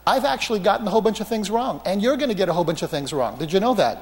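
Male preacher, high voice, storytelling sermon, long hall reverb, animated anecdotes. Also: rapid-fire. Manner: anecdotal, animated, self-mocking humor.

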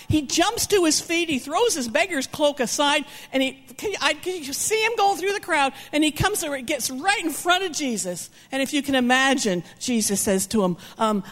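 An older woman preaching with lively, storytelling energy, her voice pitched a bit high. She acts out the people in her stories, swinging from shouts to hushed asides. The sound carries the long reverb of a big hall. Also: normal speed, few pauses. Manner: animated, acts out characters with shouts and whispers. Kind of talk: sermon storytelling.

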